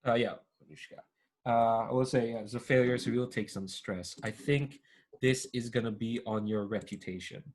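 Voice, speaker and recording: A man's voice: medium pitch, fairly even intonation, normal speed, darkish tone, a little hiss or hum. A man narrating as game master of a tabletop role-play game in a casual, rambling way with many restarts. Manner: rambling, full of fillers and restarts.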